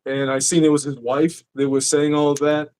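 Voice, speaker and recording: A man's voice: a little high, little pitch movement, brisk, a little mellow, clear, resonant tone. A man hosting a podcast, telling stories in a casual, profane way. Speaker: podcast host. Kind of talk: casual chat.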